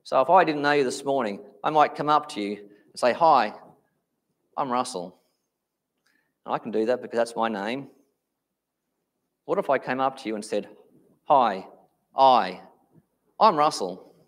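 Male preacher, sermon delivery, emphatic, drags out key words, mid-range voice. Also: mid-range voice. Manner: emphatic, slows down on key phrases.

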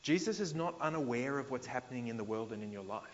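A man's voice: medium pitch, animated, fast, dull audio. A man with an Australian accent preaching a sermon as pastor, conversational, retelling scripture in everyday slang.

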